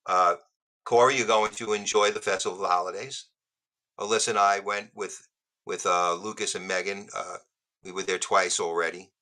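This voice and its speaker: A man's voice: low voice, steady tone, normal speed, pushed and bright, poor audio. A man, a musician guest on a podcast, telling jokey stories in casual chat. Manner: joking storyteller.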